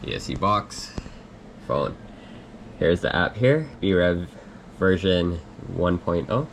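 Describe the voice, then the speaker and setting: Feeling under the weather and slightly hoarse, a young man who hosts RC hobby videos speaks low and slowly as he casually walks through a hands-on workbench setup. He's relaxed and rambling, with many ums and frequent throat clearing, over slight background noise.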